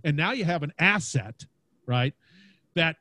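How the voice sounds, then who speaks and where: Booming, energetic man, slightly high voice. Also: unhurried, no echo. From Louisiana, United States. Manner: big booming voice, energetic, laughs often. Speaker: podcast host and guest. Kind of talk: casual interview chat. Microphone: podcast mic.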